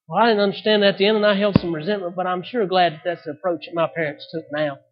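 A man in his thirties preaching a sermon, swinging from loud outbursts to hushed, soft passages. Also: high-pitched, steady tone, fast talker, hardly any pauses, muffled recording. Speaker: pastor.

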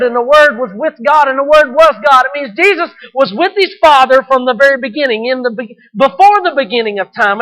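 Pastor guy preaching to his church, really high voice, keeps repeating stuff for emphasis. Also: sharp tone, poor audio. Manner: earnest preaching, emphatic repetition. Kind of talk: sermon.

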